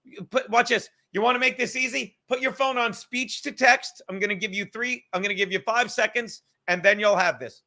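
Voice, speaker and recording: High bright-voiced man, profane and joking. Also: fairly quick. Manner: profane, joking, reads aloud from a book. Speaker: podcast host. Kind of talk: casual rambling monologue. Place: apartment.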